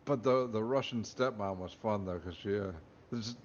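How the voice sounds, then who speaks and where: A man's voice: lowish voice, normal speed, slight background noise. A man reading his own comic book aloud and chatting on a podcast, jokey and self-amused. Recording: dull lo-fi recording.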